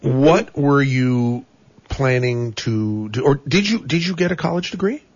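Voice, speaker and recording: A man's voice: medium pitch, measured pace, no room sound, highs cut off. A man hosting a casual interview, rambling and often repeating words as he looks for the right phrasing. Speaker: interview host.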